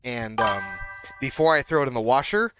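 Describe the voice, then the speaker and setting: A man's voice: medium pitch, moderate pace, over music. A man hosting a game livestream, chatting loosely with lots of fillers and restarts. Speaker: livestream host. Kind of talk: casual livestream chat.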